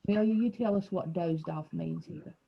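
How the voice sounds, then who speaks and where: A woman's voice: on the low side, moderate pace, gravelly, highs cut off, slight background noise. A woman teacher leading a small reading group over a video call, asking questions and explaining words patiently.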